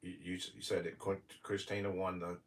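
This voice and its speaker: A man's voice: low voice, little pitch movement, a little fast. A man chiming in from across the room, teasing and interrupting the host. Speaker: host's husband chiming in. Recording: distant from the mic.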